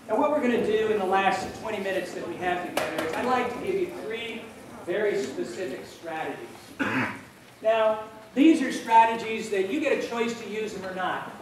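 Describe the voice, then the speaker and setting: High-voiced man speaking in an echoey hall. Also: far from the mic, background noise. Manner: animated, humorous storytelling. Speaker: motivational speaker. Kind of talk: motivational keynote talk.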